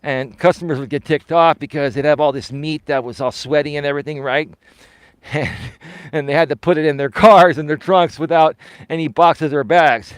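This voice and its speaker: Brief: middle-aged man, coach hosting a walking live stream, dry close phone sound, fairly high voice, animated storyteller who acts out the people he quotes. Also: moderate pace, clear, resonant tone, dry recording. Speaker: life coach and host. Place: outdoors while walking.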